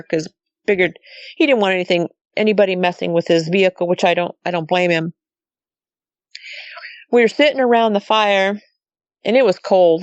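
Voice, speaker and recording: A woman's voice: medium pitch, clear, resonant tone, dry recording, lo-fi sound. A woman recounting an outdoor night story in chatty storytelling style, from Montana, often quoting others with "he goes" and "I said". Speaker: guest telling a sighting story. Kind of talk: casual storytelling.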